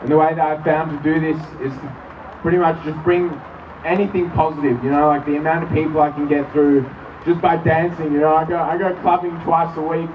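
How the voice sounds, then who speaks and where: A young Australian man giving an earnest, nervous, halting protest speech outdoors. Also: on the high side, little pitch movement. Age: young adult. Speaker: rally speaker. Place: outdoor street rally in rain. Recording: distant muffled mic, loud crowd and noise.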